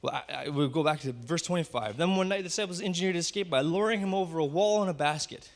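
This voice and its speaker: Conversational pastor, a man with a slightly high voice. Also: gravelly. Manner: conversational storytelling, slowing down to dwell on words; self-deprecating asides. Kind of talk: sermon.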